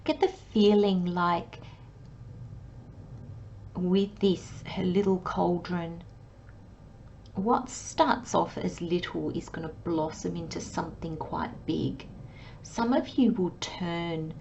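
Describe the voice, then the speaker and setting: A woman giving a channelled tarot reading in a soft, dreamy way, often dropping into a hushed whisper. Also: lowish voice, fairly even intonation, slow pace, vocal fry, muffled recording, slight background noise. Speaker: tarot reader.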